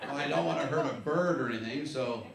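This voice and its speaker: A man in his fifties from the United States doing a stand-up comedy set, telling rambling, wry stories and shouting his punchlines. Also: mid-range voice, fast. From USA. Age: 50s. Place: comedy club stage. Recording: echoey live club, clear background noise.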